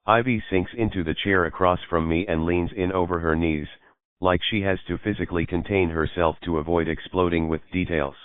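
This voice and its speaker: A man narrating a novel as an audiobook reader, in a steady storytelling manner. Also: low-pitched, moderate pace, smooth, no room sound. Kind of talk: scripted narration. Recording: narrow phone-like dry sound.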